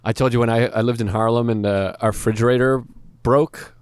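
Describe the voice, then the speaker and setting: A man in his forties, a comedian, bantering in a relaxed, casually profane way on an outdoor deck. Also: medium pitch, a little fast, smooth, no echo. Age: 40s. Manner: laid-back banter, swears casually. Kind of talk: casual chat while smoking cigars.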